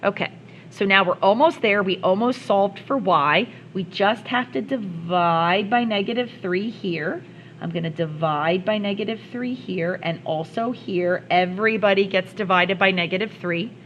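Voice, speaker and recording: A woman's voice: mid-range voice, moderate pace, lo-fi sound, slight background noise. A woman math teacher explaining worked examples step by step, with playful asides. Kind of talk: recorded classroom lesson.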